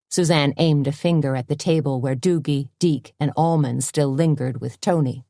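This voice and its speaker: A woman narrating a cozy mystery audiobook in an even, measured storytelling voice on a close mic. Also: sits low, no room sound. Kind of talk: scripted narration.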